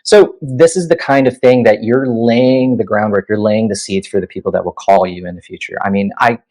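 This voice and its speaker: Heard on a rough recording, this man in his thirties has a fairly low-pitched voice and a brisk delivery. He's a guest musician sharing lively anecdotes in a relaxed interview, using lots of "you know" and "like."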